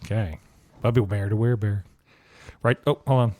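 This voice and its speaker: A man's voice: fairly low pitch, steady tone, brisk, a little mellow, dry recording. Joking male podcast host, dry mic. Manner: joking, playful made-up words. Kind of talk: casual chat.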